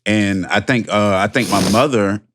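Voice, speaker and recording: A man with a lowish voice co-hosting a podcast. He speaks in a reflective, hesitant way, with pauses and fillers. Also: fairly bright tone. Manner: supportive listener, reflective and hesitant. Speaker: podcast co-host. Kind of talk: candid personal talk.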